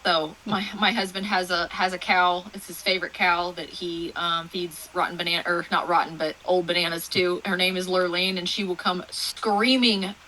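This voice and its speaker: A woman from Texas with a Texan accent, telling stories in a rambling, animated way as a guest in a casual interview. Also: lowish voice, normal speed, few pauses, slight background noise, low-quality recording. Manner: rambling, animated storytelling with fillers. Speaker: guest author.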